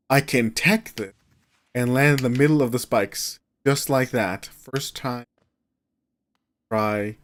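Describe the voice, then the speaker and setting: A man's voice: medium pitch, a bit bright. A tired man, rambling in casual gameplay commentary as a streamer, often trailing off mid-sentence.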